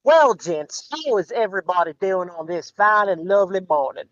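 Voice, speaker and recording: A man's voice: high-pitched, very animated, moderate pace, fairly bright tone, no echo. A man from the United States, a podcast guest, chatting casually and rambling with many ums and restarts over an online voice call. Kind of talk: casual chat. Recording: dull lo-fi voice call audio.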